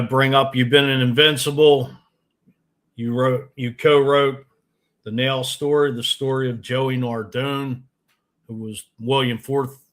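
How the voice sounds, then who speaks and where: Slow-talking bright-voiced male host. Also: mid-range voice. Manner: rambling, halting questions. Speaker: show host. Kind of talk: casual interview talk.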